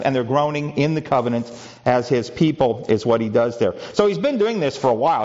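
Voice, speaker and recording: A man delivers a conversational sermon, posing rhetorical questions to the congregation, often restarting his sentences and using filler words. His voice is medium in pitch and a little mellow, and the audio is dull.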